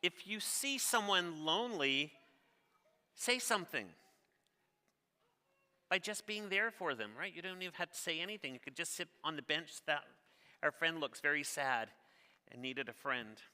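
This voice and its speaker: A man's voice: on the high side, animated, moderate pace, long pauses, sharp tone, clean tone. A middle-aged man, a children's author, reads his picture book aloud in an interactive session, cheerfully asking the audience questions and urging them on. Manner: upbeat, encouraging, asks the audience questions. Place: large theater stage. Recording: long reverb of a theater hall.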